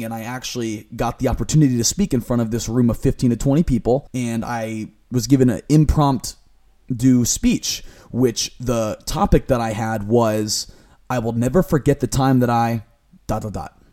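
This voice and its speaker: A young man in Florida with a medium-pitched, mellow voice hosts his own solo motivational podcast. As a lifestyle coach, he talks earnestly in an upbeat, coaching style.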